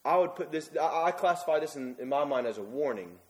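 Preacher, man, fairly high voice, earnest and emphatic, restarts phrases mid-sermon. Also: lively intonation, fast talker.

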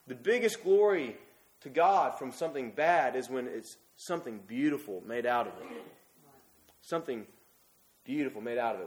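Preacher, man, fairly high voice, earnest and emphatic, restarts phrases mid-sermon. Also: animated, normal speed, darkish tone.

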